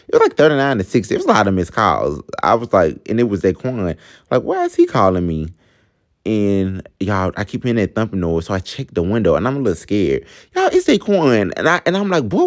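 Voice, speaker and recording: A young man telling a personal story in a chatty storytime vlog, talking straight to his viewers. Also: low voice. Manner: chatty, addresses viewers as y'all, laughs at himself. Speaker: vlogger.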